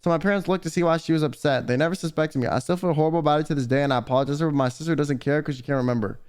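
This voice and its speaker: A man's voice: fairly high pitch, rapid-fire, darkish tone, clear, resonant tone. A young man streaming, reading viewer confessions aloud and reacting with profane, exasperated commentary. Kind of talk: casual livestream commentary.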